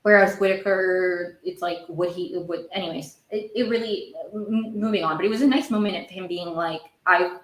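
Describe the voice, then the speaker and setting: A woman's voice: fairly low pitch, reverberant, low-quality recording. A woman hosting a podcast, recapping a TV episode in a casual, rambling way, often correcting herself and getting heated. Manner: rambling, self-correcting, quick to get heated. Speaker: podcast host.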